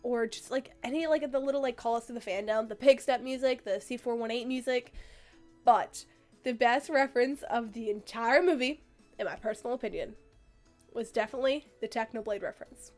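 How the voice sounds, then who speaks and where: A young woman streamer chatting casually, rambling and excitable, with lots of fillers and restarts, getting a little choked up. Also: fairly high pitch, a little fast, faint music behind. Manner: gets choked up and emotional.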